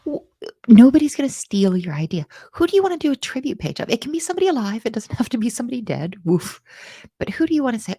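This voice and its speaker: A woman's voice: a little high, big pitch swings, quick pace, dark tone, breathy edge, no room sound, studio quality. A woman hosting a casual live coding lesson, chatty and self-mocking as she reads out viewer comments. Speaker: coding instructor hosting a livestream.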